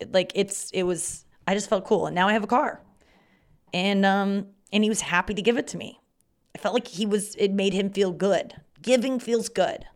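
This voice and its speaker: A young woman hosting a podcast, telling casual stories about her week and swearing freely. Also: mid-range voice. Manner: swears freely, acts out loud quoted shouts. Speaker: podcast host. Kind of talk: casual storytelling monologue.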